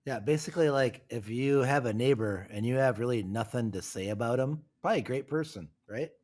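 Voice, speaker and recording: A man co-hosting a podcast, telling stories in a lively, casual and profane way. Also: mid-range voice, a little fast. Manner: animated storyteller, casual and profane. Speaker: podcast co-host.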